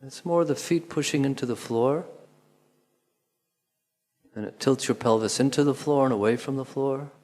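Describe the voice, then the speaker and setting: With a mid-range voice, a man calmly leads a movement lesson, pausing between instructions and counting out beats. He is a movement teacher, and the recording carries a long hall reverb.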